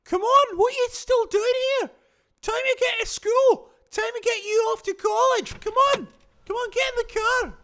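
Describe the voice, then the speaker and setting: A man's voice: very high-pitched, bright, forceful tone. A man voicing a bossy middle-aged Glaswegian mother who nags her son along with a Glaswegian accent. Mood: hurrying. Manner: brisk and nagging.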